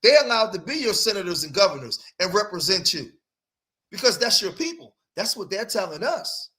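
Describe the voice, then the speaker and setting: Reacting to clips he plays, a male host talks in a high-pitched, sing-song voice that runs a little fast and sounds pushed and bright. His style is emphatic and rhetorical, and he keeps turning to his audience with "right?"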